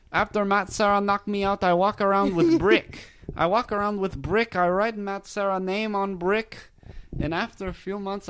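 Man imitating an earnest French-Canadian fighter, halting broken English, pitched up and slow. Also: a bit bright, clean tone.

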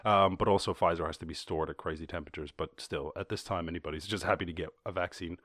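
Profane, joking Irish podcast host. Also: male voice, low-pitched, steady tone, fast talker, a bit bright, no echo, studio quality. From Ireland. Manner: profane, joking asides and sarcastic voices. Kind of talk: casual news commentary.

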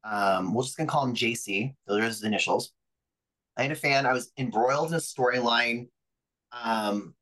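A young adult man, a pro wrestler guest on a podcast, telling stories in a lively, profane way and acting out other people's voices. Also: mid-range voice, poor audio. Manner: animated, profane, acts out quoted voices. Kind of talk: casual interview storytelling.

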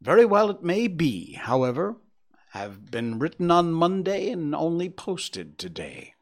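A sharp Victorian detective, read by a man, laying out his deductions in a measured, clipped way. His voice rises and falls with lively emphasis as he reasons it through, like a storybook reading. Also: on the high side, voice pushed up. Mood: deducing. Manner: brisk deductive explaining, measured. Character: Victorian male detective, keen, clipped and analytical.

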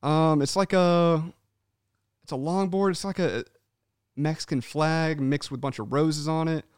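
A man co-hosting a casual podcast, animated and swearing freely, acting out people's voices when he tells stories. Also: on the high side, measured pace, clean tone, no echo, studio quality. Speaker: podcast co-host.

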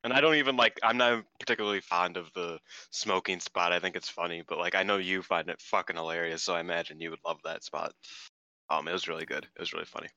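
A very deep-voiced man rambling through casual podcast chat and swearing freely. His tone is strikingly sharp and forward. His voice sounds smooth and resonant, even as he trips over his words. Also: quick pace, no echo, muffled recording. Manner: rambling, swears freely, lots of fillers and restarts. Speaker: podcast co-host.

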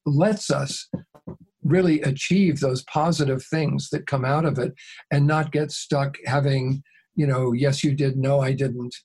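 A man with a husky, slightly rough voice, guest on an interview, recounting a mediation case at a measured, even pace. He talks in a calm, conversational way. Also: mid-range voice.

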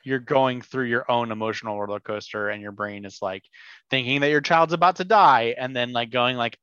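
A man's voice: medium pitch, brisk, sharp tone, clear, resonant tone, dry recording, muffled recording. A man co-hosting a podcast, speaking casually and thoughtfully, often saying "like". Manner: thoughtful, uses filler like. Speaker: podcast co-host. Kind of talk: casual conversational chat.

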